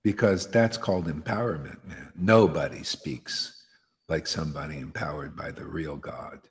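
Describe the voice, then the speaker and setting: A man's voice: extremely low pitch, normal speed. Fiery blunt male preacher in a reverberant hall. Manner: blunt, fiery, slangy, often says "man". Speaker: spiritual teacher leading satsang. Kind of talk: impassioned devotional sermon.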